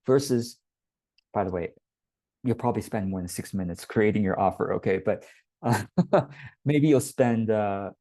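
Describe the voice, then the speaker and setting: A man, a business coach, teaching a workshop in a relaxed conversational way and acting out quoted voices. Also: lowish voice, measured pace, pauses often, no room sound.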